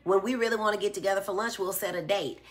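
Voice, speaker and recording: A woman's voice: mid-range voice, steady tone, fast. A middle-aged woman hosting a live stream, reading out viewer comments and explaining patiently with everyday examples. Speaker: host answering viewer comments. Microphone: phone or tablet.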